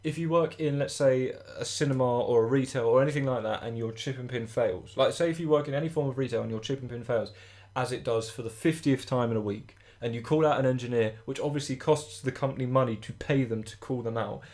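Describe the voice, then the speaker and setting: A young man, co-hosting a casual podcast and ranting in halting, drawn-out sentences. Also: medium pitch, darkish tone. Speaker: podcast co-host. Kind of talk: casual chat.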